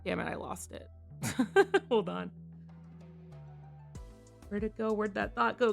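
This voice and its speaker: A woman streamer chatting casually on a live stream, frank and quick to laugh, swearing freely. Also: mid-range voice, gravelly, soft background music.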